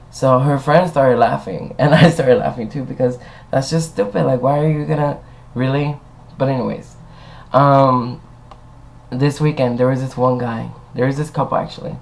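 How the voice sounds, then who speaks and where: Gravelly young guy chatting to a webcam. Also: medium pitch, fairly even intonation, moderate pace, low-quality recording. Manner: rambling, swearing, laughing between stories. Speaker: vlogger. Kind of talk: casual chat.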